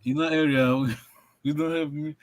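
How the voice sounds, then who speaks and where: A man's voice: fairly high pitch, fairly even intonation, moderate pace, low-quality recording. A man teaching a language over a video call, encouraging and repetitive, often laughing. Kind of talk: online language lesson.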